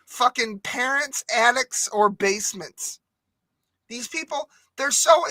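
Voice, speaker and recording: Bright, fiery woman ranting. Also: on the high side, no room sound, low-quality recording. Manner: profane, ranting, emphatic. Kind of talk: casual podcast chat.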